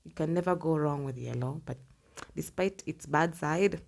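Low gravelly-voiced woman vlogging casually. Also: lively intonation, moderate pace, a little mellow. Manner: chatty, laughs between points, reads facts aloud. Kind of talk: casual solo chat. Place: at home.

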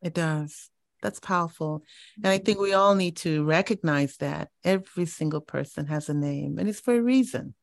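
A woman hosting a faith interview, affirming her guest and reflecting on what was said with slow emphasis. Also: sits low, vocal fry, dry recording, studio quality. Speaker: interview host. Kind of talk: faith talk show interview.

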